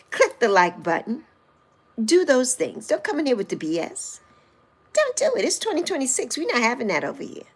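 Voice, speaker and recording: A woman in her sixties with a slightly high voice hosts a casual livestream, reading viewers' comments aloud, answering them, teasing playfully and laughing often.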